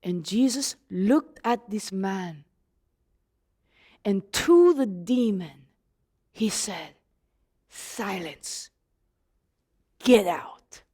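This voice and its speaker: Taking on the role of the apostle John, a woman recounts his time with Jesus in first person and questions the audience directly. Her medium-pitched voice is animated and warm, stretching out words and pausing often in this Bible storytelling.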